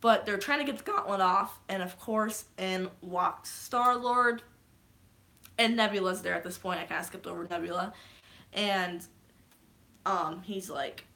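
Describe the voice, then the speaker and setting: A woman casually recapping a movie's plot in a vlog, excitable, swearing freely and geeking out. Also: mid-range voice, a little slow, creaky. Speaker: vlogger.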